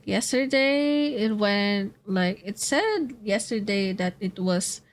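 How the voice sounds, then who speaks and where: A sleepy young woman from the Philippines, streaming and chatting casually, rambling, yawning, laughing often and swearing. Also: medium pitch. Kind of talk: casual chat.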